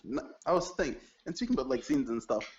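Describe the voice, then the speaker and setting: A man co-hosting a casual film podcast, excitable and enthusing. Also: mid-range voice, fast. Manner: excitable, voice swings up when enthusing. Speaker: podcast co-host. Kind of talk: casual chat about films. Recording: dull lo-fi audio, off-mic.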